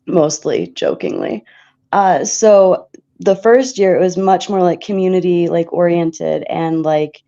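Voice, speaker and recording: A woman's voice: on the low side, vocal fry, mellow, muffled recording. A woman being interviewed on a podcast, talking earnestly while losing her voice. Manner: earnest, heartfelt, frequent laughs and fillers. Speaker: guest, shop owner. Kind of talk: casual interview chat.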